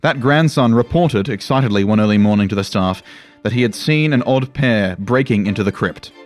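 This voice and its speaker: A man narrating a fantasy story in a measured, dramatic way. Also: lowish voice, lively intonation, soft background music.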